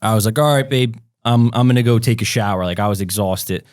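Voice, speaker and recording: Man, young adult, low voice, rambling storyteller, podcast co-host, dry close mic. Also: fast talker, darkish tone, no echo. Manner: rambling, filler-heavy, acts out quotes. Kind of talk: casual storytelling.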